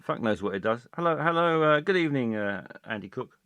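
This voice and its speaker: A man hosting a comic live stream, rambling along with halting speech full of fillers and restarts. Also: medium pitch, expressive, fairly bright tone, no room sound.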